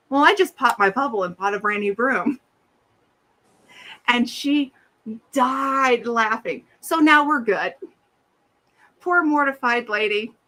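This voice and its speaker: A middle-aged woman telling a funny story in a casual chat, her voice bright and slightly high. She talks in an animated way and puts on little voices for the people she quotes. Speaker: podcast co-host.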